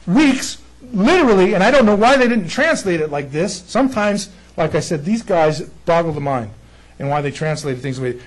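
Man, middle-aged, high voice, excitable sermon teacher, checks in with the audience. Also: low-quality recording. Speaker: Bible teacher.

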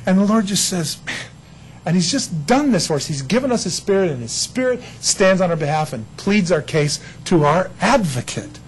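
A man preaching a sermon as pastor, lively and conversational, acting out little dialogues with God. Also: high-pitched, normal speed, few pauses, slight background noise, poor audio.

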